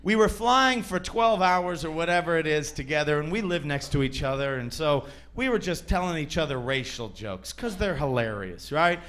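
Young guy doing a standup bit, highish voice, jumps into goofy voices for the people in his story. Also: normal speed. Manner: animated, acts out characters in shrill voices. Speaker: stand-up comedian.

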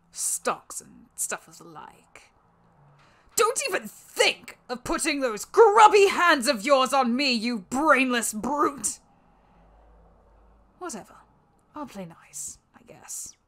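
A woman voicing an arrogant, cold young male businessman who sneers haughtily, in a voice acting audition. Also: mid-range voice.

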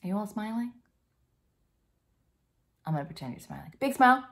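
A woman's voice: medium pitch, expressive, moderate pace, dark tone. A young woman giving a casual, playful stage makeup lesson for kids, chatty with many fillers and silly sound effects. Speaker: makeup tutorial teacher.

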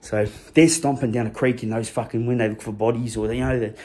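A man's voice: medium pitch, fairly even intonation, fast talker, darkish tone. A man with an Australian accent, telling a personal story in a rambling, slang-heavy way full of swearing. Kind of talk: casual anecdote telling.

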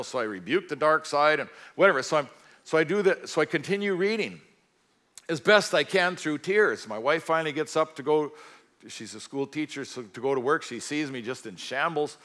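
A man's voice: medium pitch, expressive, a little fast, pushed and bright. Middle-aged guy preaching his own faith story in church, earnest, folksy little asides, plain mid voice. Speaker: guest speaker. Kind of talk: personal testimony sermon.

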